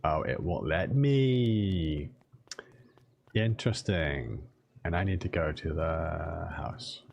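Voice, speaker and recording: A man's voice: low voice, lively intonation, slow, creaky, a little mellow, lo-fi sound, a little hiss or hum. A man streaming a video game, chatting casually and reading dialogue aloud.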